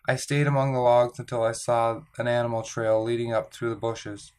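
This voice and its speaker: A man reading a children's novel aloud in calm, measured storytelling narration. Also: medium pitch, smooth. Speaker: audiobook reader.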